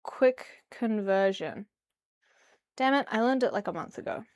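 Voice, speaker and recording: A young woman from New Zealand livestreams from her bedroom, tidying up as she chats and rambles. She talks fast in a voice on the high side, humming and singing nonsense syllables between thoughts.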